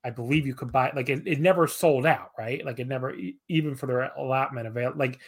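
A man with a mid-range, slightly breathy voice talks briskly as a podcast guest. He rambles casually, laughing and poking fun at himself along the way.

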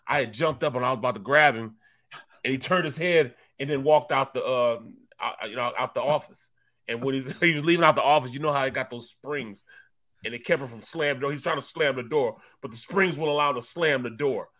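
Animated storytelling male sports host. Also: medium pitch, fairly quick. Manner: animated, repeats words when worked up. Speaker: co-host, former football player. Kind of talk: casual sports talk storytelling.

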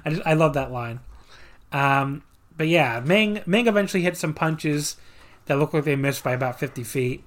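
A man's voice: a little high, animated, normal speed. Man, podcast co-host, casual recap, sarcastic, lots of ums and likes. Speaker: podcast co-host reviewing wrestling matches.

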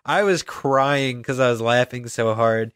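A man co-hosts a casual podcast chat, getting excited and laughing often as he retells what he saw. His voice is smooth and clear. The sound is close and dry, with no room behind it. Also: mid-range voice, measured pace, dry recording. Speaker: podcast co-host.

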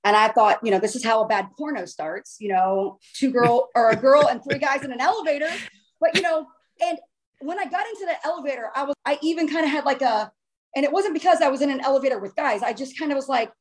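A woman casually telling a long personal story in a chatty, animated way, with the odd swear word. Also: sits high, fairly quick.

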